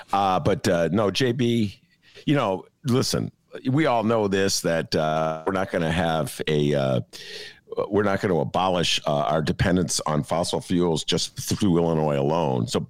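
A man's voice: low voice, big pitch swings, normal speed, gravelly, dry recording. A middle-aged man hosting a podcast, joking and self-deprecating in casual chat. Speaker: podcast host.

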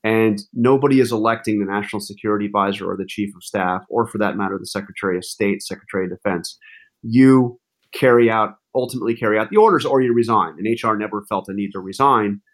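A man's voice: lowish voice, fast talker. A man, a journalist guest in an interview, telling stories animatedly with frequent restarts. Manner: animated, with many restarts and fillers. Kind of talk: casual interview storytelling.

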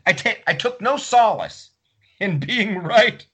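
A man's voice: high voice, animated, slow, sharp tone, husky. A man telling a story in casual podcast chat, acting out other people's lines. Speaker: podcast host.

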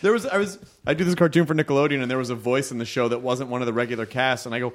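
A man hosts a casual comedy podcast, playful and quick to launch into a story. His voice is high and animated. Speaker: podcast host.

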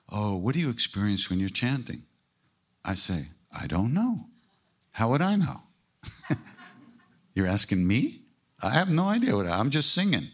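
A man giving an informal spiritual talk, earthy and joking, with emphatic repetition and frank language. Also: on the low side. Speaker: spiritual teacher.

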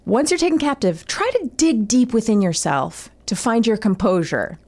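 A woman's voice: on the high side, lively intonation, moderate pace, darkish tone. A woman co-hosting a casual comedy podcast, reading a safety guide aloud and joking about it. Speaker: podcast co-host.

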